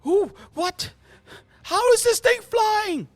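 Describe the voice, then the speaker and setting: Man voicing a frantic, cursing woman in her thirties, shrill and loud, tabletop game. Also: animated, takes it slowly, heavily acted. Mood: hysterical. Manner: shrieking, swearing hysterically. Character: panicking foul-mouthed woman, thirties.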